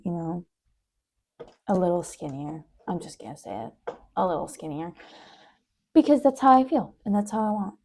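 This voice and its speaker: Young woman, low-key diary vlogger: mellow tone with vocal fry, rambling and sleepy. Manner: rambling, chatty, drifts in and out of soft whispers. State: sleepy, yawning. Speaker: video diarist. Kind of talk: casual diary chat.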